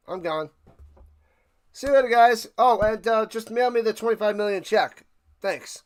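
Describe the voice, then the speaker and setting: A man with a high voice and a gravelly, fry-laden edge hosts a live watch party stream. He calls plays and rants sarcastically to his chat. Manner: ranting, sarcastic, talks to chat. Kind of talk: live play-by-play and casual rant.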